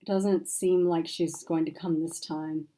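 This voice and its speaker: Mellow-voiced woman author reading aloud. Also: sits low. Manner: measured, expressive reading. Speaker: author reading her novel. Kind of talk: first-person audiobook narration.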